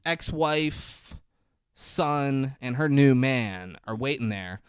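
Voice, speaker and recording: A man's voice: mid-range voice, expressive, slow pace, clear, resonant tone, no room sound. Profane man recapping a movie, dry sound. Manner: loose, profane storytelling with frequent fillers. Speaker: podcast co-host. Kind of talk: casual movie-recap chat.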